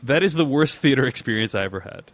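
Male podcast host, mid pitch, halting delivery full of fillers, reads listener mail. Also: lively intonation, no echo. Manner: halting, many filler sounds. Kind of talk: casual podcast chat and reading listener email aloud.

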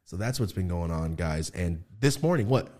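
A young man hosts a podcast, chatting in a relaxed way and telling lively stories, often jumping quickly into high voices to mimic people.

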